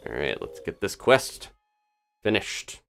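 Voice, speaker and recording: A man's voice: deep voice, very animated, slow, creaky, a bit bright. A man streaming gameplay live, chatting casually to viewers and laughing often as he plays. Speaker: game streamer.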